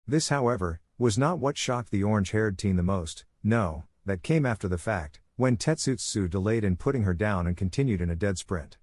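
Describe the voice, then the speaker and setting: Low-voiced man narrating a story. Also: normal speed, hardly any pauses, no echo, clean studio sound. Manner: steady storytelling. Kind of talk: scripted audiobook narration.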